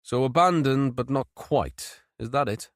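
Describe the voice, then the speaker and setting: A man's voice: medium pitch, a little slow, no room sound, lightly acted. A man reading an audiobook, voicing a dry, clipped senior male detective in charge.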